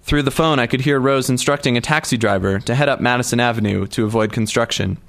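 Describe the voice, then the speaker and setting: A man's voice: medium pitch, quick pace, gravelly, fairly bright tone. A male narrator reading a first-person story aloud in a wry, dry manner. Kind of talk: audiobook narration.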